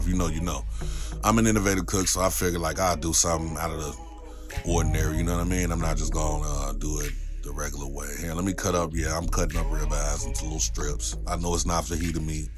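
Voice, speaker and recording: A man's voice: rumbling low, little pitch movement, quick pace. A man hosting a casual food review vlog from a home kitchen. He talks in a laid-back, chatty way and keeps checking in with asides to his viewers. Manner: laid-back and chatty, with frequent "you know what I'm saying" asides. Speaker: cooking show host. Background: music playing.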